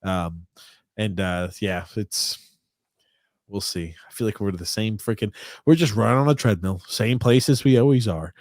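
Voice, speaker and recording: A man's voice: lowish voice, measured pace, darkish tone, no room sound, clean studio sound. A man hosting a casual sports podcast, easygoing and rambling, reading out live chat comments. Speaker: podcast host.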